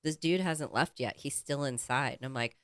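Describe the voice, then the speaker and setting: A woman co-hosting a podcast, telling a story in casual, animated chat and swearing freely. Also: a bass voice, normal speed, no room sound, studio quality. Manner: animated, profane, acts out quoted people. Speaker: podcast co-host.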